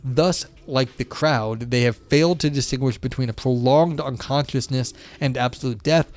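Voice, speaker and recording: A man's voice: medium pitch, moderate pace, darkish tone. Rambling man streaming philosophy commentary. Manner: rambling, filler-heavy, frequent "you know" and "like". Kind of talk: casual live-stream commentary and reading aloud.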